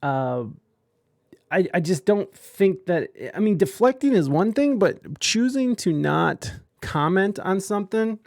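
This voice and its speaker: A man's voice: high voice, very animated, a little slow, vocal fry, darkish tone, no room sound, studio quality. A man hosting a podcast, rambling through casual commentary with stumbling restarts and crude jokes. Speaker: podcast host reading chat.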